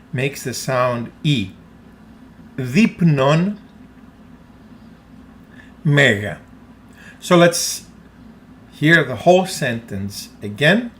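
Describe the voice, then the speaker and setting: Slow, careful man teaching pronunciation. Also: mid-range voice, fairly bright tone, slight background noise. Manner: slow, carefully enunciated, repeats words for the listener to echo. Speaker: Greek teacher. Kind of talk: slow language lesson with pronunciation drills.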